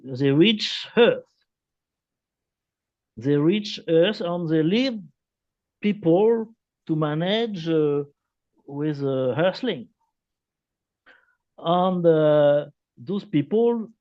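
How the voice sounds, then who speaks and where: A man, a guest author explaining at length in an interview, halting with many fillers and repeated phrases. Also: on the high side, muffled recording. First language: French. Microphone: video call.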